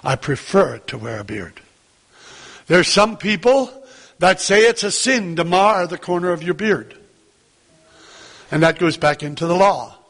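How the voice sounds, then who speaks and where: A man's voice: sits high, lively intonation, unhurried, creaky, pauses often, a bit bright, long reverb tail. A man preaching a sermon to his congregation, earnest and repetitive, rising into emphatic lines.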